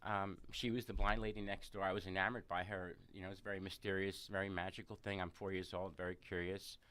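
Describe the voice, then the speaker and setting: A man with a somewhat low voice tells a personal story on a close radio studio mic. He keeps the story animated and often circles back with fillers and restarts. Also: fast talker. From New York City. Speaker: massage therapist, interview guest. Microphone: studio microphone, close.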